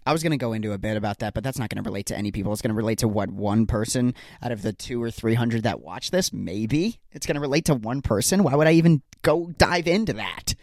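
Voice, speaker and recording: A man's voice: medium pitch, fast talker, hardly any pauses, darkish tone, dry recording, clean studio sound. A young man hosting a solo podcast, rambling in a jokey, self-deprecating way. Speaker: podcast host.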